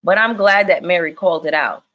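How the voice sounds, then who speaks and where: Low-voiced chatty woman streamer. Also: fairly quick. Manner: chatty and animated, laughs often. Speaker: reality TV recap streamer. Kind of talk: casual livestream commentary.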